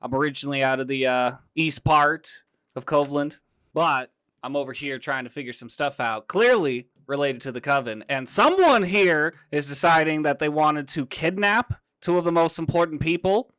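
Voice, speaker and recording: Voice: mid-range voice, moderate pace, a bit bright, smooth, close to an everyday voice. A performer playing a folksy, drawling frontier lawman who talks in a threatening way, in a tabletop game. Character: gruff frontier lawman, adult man.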